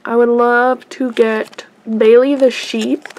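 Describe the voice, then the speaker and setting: A woman unboxing toys for her vlog, chatting casually and gushing excitedly to her viewers. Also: fairly high pitch, slow, a little hiss or hum. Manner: gushing, easily excited, addresses viewers as "you guys". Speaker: toy unboxing vlogger.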